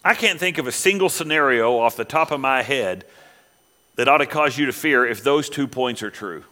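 Bright-voiced preaching man. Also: mid-range voice, lively intonation, normal speed. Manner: preaching, swells loud on scripture quotes, drops to quiet asides. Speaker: pastor. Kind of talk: sermon.

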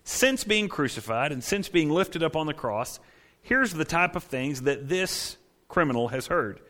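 A man preaching a sermon as pastor, with a slightly higher voice than most men. He talks conversationally and checks in with his listeners. He swings between loud emphatic declarations and hushed asides. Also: expressive, unhurried.

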